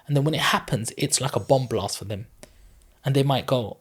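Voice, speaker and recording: A man's voice: a little high, animated, brisk, darkish tone. A man in his thirties, a podcast guest telling an emotional personal story in an earnest, heartfelt, rambling way. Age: 30s.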